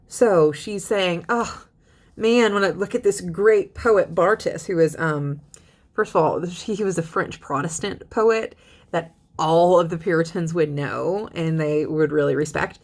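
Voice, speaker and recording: A young woman teaching a literature lesson in a chatty, lively way, reading poems aloud and paraphrasing them. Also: on the low side, a little slow. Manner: chatty, animated paraphrasing with laughs. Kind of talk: casual lecture with poem readings.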